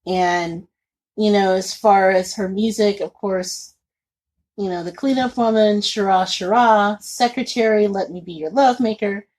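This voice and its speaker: A woman co-hosts a podcast in a breathy, husky voice of middle pitch. She chats freely and laughs often. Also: steady tone, a little slow, darkish tone. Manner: chatty and giggly, with frequent laughter. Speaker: podcast co-host. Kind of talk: casual chat.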